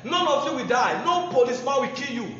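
High-voiced Nigerian man in an echoey hall. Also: lively intonation, fast talker, sharp tone. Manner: combative, mocking and preachy, repeats phrases for emphasis. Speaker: political speaker. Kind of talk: impassioned political address. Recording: echoey room, dull lo-fi sound, faint noise.

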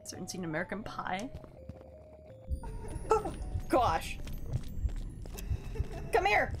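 A young woman streaming a horror game, jumpy and excitable, shrieking when scared. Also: mid-range voice, slow pace. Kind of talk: horror game let's play. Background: game music.

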